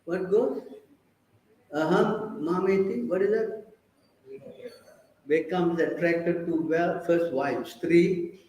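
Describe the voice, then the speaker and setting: A man's voice: sits high, takes it slowly, long pauses, a little mellow, echoey room, rough recording. A man giving a scripture class, preaching and prodding his listeners with rhetorical questions.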